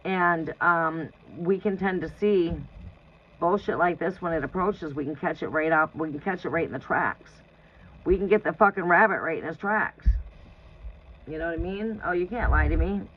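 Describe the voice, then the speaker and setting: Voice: medium pitch, moderate pace. A tarot reader on a live reading gives blunt, profane advice and laughs often. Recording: dull lo-fi sound with faint noise.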